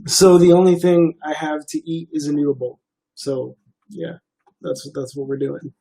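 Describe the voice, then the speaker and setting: A man's voice: a little high, moderate pace, creaky, slightly rough. A young man hosting a casual livestream, chatting loosely to his viewers with lots of fillers and restarts. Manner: relaxed, rambling, many fillers. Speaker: livestream host.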